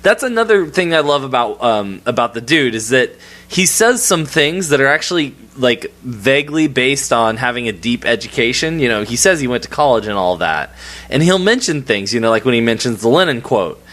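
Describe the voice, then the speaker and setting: A man's voice: mid-range voice, animated, normal speed, a bit bright. A man co-hosting a casual podcast, thoughtfully analyzing a film's main character. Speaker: podcast co-host.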